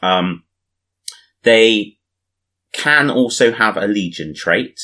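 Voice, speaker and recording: A tired man chatting casually about a tabletop wargame, relaxed and laughing easily. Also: lowish voice, slow pace. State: tired, yawning.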